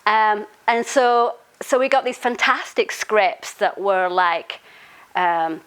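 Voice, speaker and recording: A woman's voice: mid-range voice, expressive, slow, a bit bright, clear, resonant tone, low-quality recording. Giggly woman telling a story. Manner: chatty, giggly, lots of "you know" and "um". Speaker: author and storyteller. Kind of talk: casual anecdote telling.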